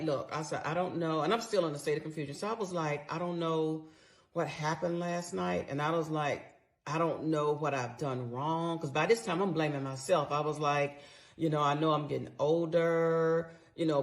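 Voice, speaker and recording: A middle-aged woman with a gravelly voice full of vocal fry. She tells her personal story candidly and conversationally and swears freely as she acts out what she said. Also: low-pitched, moderate pace.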